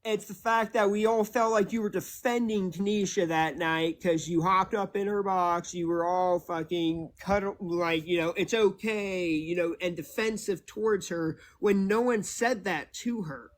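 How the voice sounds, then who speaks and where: A man on a live stream trying to calm an argument, stammering and restarting his sentences. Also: high-pitched, moderate pace, hardly any pauses. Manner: hesitant, stammering restarts, placating.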